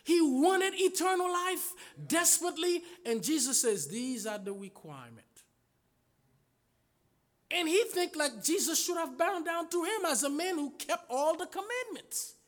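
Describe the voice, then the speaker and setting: A male preacher delivering a sermon with emphatic rhetorical questions, acting out the figures in his stories. His voice sits high and moves in lively, wide swings. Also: moderate pace, few pauses.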